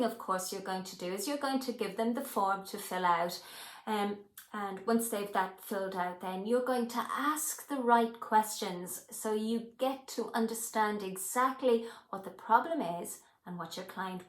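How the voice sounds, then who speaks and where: Irish woman telling a candid story. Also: mid-range voice. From Ireland. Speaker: hypnotherapy teacher. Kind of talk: personal story to camera. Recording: roomy echo.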